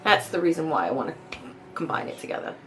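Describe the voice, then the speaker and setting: A woman's voice: deep voice, sing-song, fast talker, a little hiss or hum. A woman playing her character in a tabletop game, speaking hesitantly with fillers. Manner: hesitant with fillers, laughs often. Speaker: player. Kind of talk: tabletop role-play in character.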